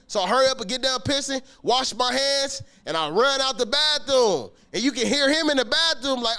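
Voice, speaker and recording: Dude with a real high bright voice telling a wild school story, slangy, cussing a lot. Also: male voice, normal speed, hardly any pauses, smooth. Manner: animated, slangy, swears often, acts out scenes. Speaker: podcast guest telling a story. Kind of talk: casual street storytelling.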